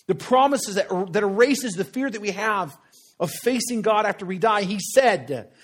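A male preacher with a notably high voice delivers his sermon in an earnest, conversational manner. He builds emphasis through short repeated phrases and keeps checking in with his listeners.

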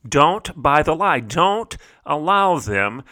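A man's voice: a little high, sing-song, takes it slowly, pushed and bright, no echo, studio quality. A male host delivering an emphatic, indignant opinion monologue on his show. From United States. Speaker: podcast host.

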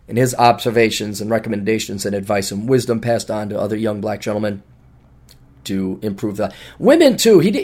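A middle-aged man hosts a solo podcast, rambling sarcastically and making big jumps in pitch for emphasis. His voice is a little mellow.

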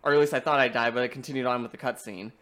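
A young man chatting casually about video games, animated and often breaking into laughter. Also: medium pitch, racing.

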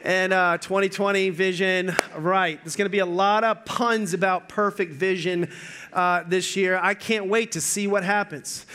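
A man preaching a sermon as pastor, joking, telling stories and talking with lively energy. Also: high-pitched, a little slow, noisy background.

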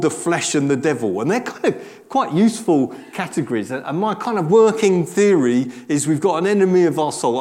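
A man's voice: on the high side, darkish tone. A man preaching a conversational sermon, chatty and self-deprecating with frequent restarts and asides.

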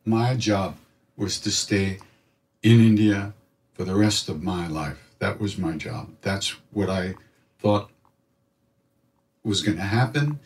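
A man telling a reflective personal story, animated and acting out other people's voices in his quotes. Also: deep voice, takes it slowly, pauses often, recorded from a distance. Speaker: spiritual storyteller.

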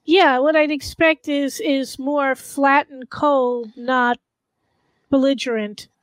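Woman, player, tabletop game, high pitch, slow, analytical, dry. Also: fairly even intonation, dry recording.

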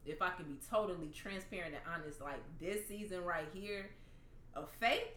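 A woman telling an emotional faith testimony in casual conversation, animated and laughing at times. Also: on the low side, normal speed. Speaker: guest sharing testimony. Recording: echoey room, faint noise.

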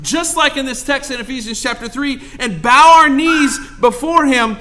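Bright-voiced man preaching a sermon. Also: very high voice, normal speed. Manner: preaching with call-and-response asides to the congregation. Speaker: pastor. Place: church sanctuary.

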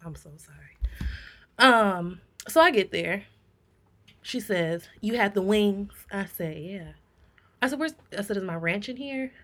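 A young woman co-hosting a podcast, ranting in blunt, profane, animated storytelling during casual chat. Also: medium pitch, unhurried. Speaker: podcast co-host.

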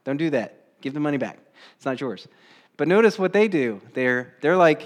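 A man's voice: on the high side, lively intonation, moderate pace. Conversational male pastor preaching a sermon. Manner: conversational, asks the congregation rhetorical questions; acts out quoted voices with bursts of energy.

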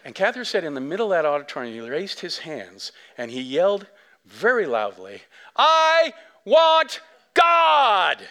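A man preaching a sermon as pastor, telling a story in a chatty way with lots of asides, dropping to a hush and then swelling to near shouts. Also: fairly high pitch, fairly quick. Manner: animated storytelling, big swings from soft to loud; conversational, many fillers and asides.

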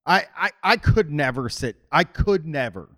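A man's voice: a little high, animated, normal speed, a bit bright. A man co-hosting a podcast, hesitant in casual chat, with many fillers, then reading out a news story. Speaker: podcast co-host.

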